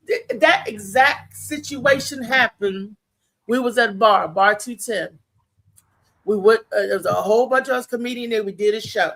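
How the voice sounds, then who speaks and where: A woman's voice: fairly high pitch, moderate pace, a bit bright. A woman comedian hosting a talk show, telling an emphatic story with a preachy edge. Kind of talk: casual talk show monologue.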